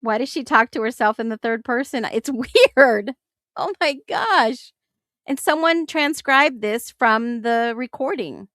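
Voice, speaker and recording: A woman's voice: a little high, lively intonation, measured pace, fairly bright tone, dry recording, clean studio sound. A woman hosting a talk show, thinking aloud in casual commentary and reacting with incredulous exclamations. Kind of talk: casual commentary on case documents.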